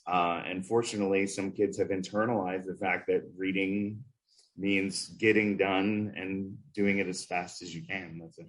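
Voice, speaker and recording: A man hosting a literacy podcast, telling classroom stories in a lively, conversational way and acting out the voices he quotes. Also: deep voice, normal speed, rough recording. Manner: animated storyteller, acts out quoted voices. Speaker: podcast host, former reading specialist.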